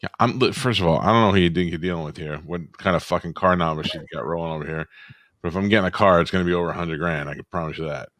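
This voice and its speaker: A man with a low, heavy voice chats loosely on a podcast and peppers his stories with profanity. The sound is close and dry, with no room around it. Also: racing, a bit bright, no room sound. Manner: profane, storytelling banter. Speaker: podcast co-host. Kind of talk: casual chat.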